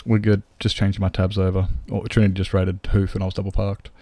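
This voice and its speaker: A man's voice: low voice, flat delivery, quick pace, mellow, a little hiss or hum. A man streaming a game live, chatting loosely with viewers and rambling to himself. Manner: rambling, chatty, greets viewers, talks to his cat. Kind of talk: casual live-stream chat.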